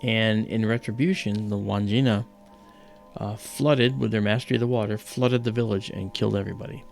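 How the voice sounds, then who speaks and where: A man's voice: fairly low pitch, steady tone, brisk, vocal fry, soft background music. A middle-aged man hosting an astronomy livestream, chatting casually and rambling with lots of "you know".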